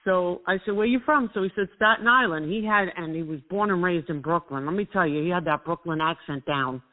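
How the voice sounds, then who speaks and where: High-voiced New Yorker on a phone line. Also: male voice, a little fast. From New York. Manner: animated storyteller, laughs at his own tales. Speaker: talk radio co-host. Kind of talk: casual radio chat, storytelling. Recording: tinny phone-line sound.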